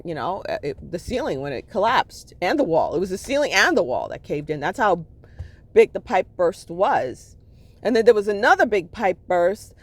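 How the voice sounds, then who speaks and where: A woman's voice: medium pitch, no room sound. Candid rambling woman vlogger, dry sound. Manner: rambling and candid, checks in with listeners; emotional, swings between laughter and sadness. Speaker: spiritual vlogger. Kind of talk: casual personal vlog monologue.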